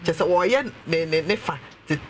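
A man's voice: fairly high pitch, expressive, a little hiss or hum. A man with a Ghanaian accent, telling a story as a panelist on a radio talk show and mixing in English phrases. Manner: quick storytelling, switching between languages.

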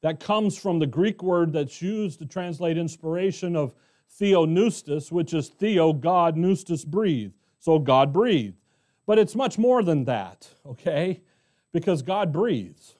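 A middle-aged American pastor teaching verse by verse in a conversational way, often asking the congregation questions. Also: male voice, on the high side, animated, slow pace, darkish tone. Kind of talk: expository Bible teaching.

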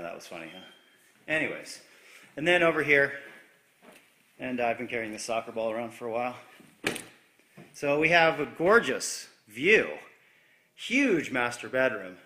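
A bright-voiced man chats his way through an empty house, cracking little jokes as he points things out. His words ring off the bare walls of the echoey rooms, caught on a handheld camera mic. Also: medium pitch. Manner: upbeat, jokey, chatty. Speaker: real estate agent giving a property tour. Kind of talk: casual walkthrough narration. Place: inside a large empty house, walking room to room.

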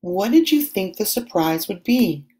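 A woman teaching second graders, asking slow, encouraging questions about a story. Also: mid-range voice, very animated, darkish tone. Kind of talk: online lesson for young children.

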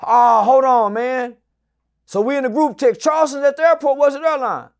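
Middle-aged male guest with a high voice, swears a lot, acts out every character in his story, loud and animated. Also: normal speed, clear, resonant tone. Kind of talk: animated storytelling in a casual interview.

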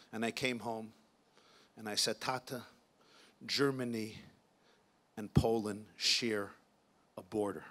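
A grave old grandfather who is also a wealthy businessman speaks low and hushed, measured and solemn, as a preacher puts him on. His tone stays bright and clear even when quiet, with a deep, heavy voice. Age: older. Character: old Holocaust-survivor grandfather, rich businessman, grave and wise.

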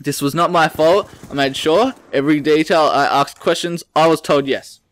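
Fairly high in pitch and at a moderate pace, a late-teens Australian man hosts a gaming channel and rants casually over gameplay as he tells a story. He's animated and rambling, with frequent swearing and sentences he keeps restarting.

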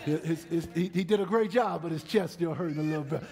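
A middle-aged man preaching a sermon in a church, with lively call-and-response to the congregation. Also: on the high side, brisk, gravelly, a faint crowd. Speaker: pastor. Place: church sanctuary.

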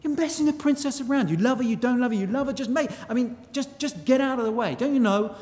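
A man's voice: very high voice, fast, darkish tone, voice pushed up. A man voicing a jealous young male knight who blusters in exasperation. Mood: exasperated. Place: church. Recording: long church reverb.

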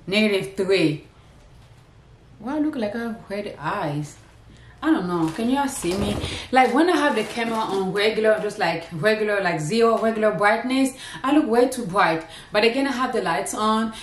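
A woman's voice: medium pitch, expressive, normal speed, a little hiss or hum. A woman chatting casually to her viewers in a vlog, rambling and talking straight to camera from her home. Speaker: lifestyle vlogger. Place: indoors at home. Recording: echoey room.

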